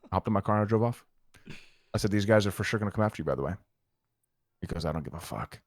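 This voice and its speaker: Low-voiced man telling a heated story. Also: racing, no echo, studio quality. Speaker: roleplay gang member recounting events. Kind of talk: in-character roleplay chat.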